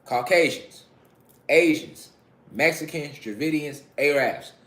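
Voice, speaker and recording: A man's voice: a little high, slow pace, a bit bright. A man giving an informal lecture to camera, emphatic and repetitive, with slangy, profane street talk and frequent check-ins with his listeners. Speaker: esoteric lecturer.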